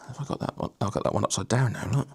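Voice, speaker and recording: A man's voice: fairly low pitch, rapid-fire, gravelly, a little mellow, husky. A man hosting a casual livestream, chatting and teasing viewers while he works on a guitar. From Lincolnshire, England. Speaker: livestream host.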